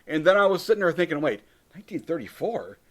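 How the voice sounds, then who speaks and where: A man co-hosting a casual film podcast, animated and profane, often laughing. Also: fairly high pitch, fast talker. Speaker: podcast co-host. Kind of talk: casual film review chat.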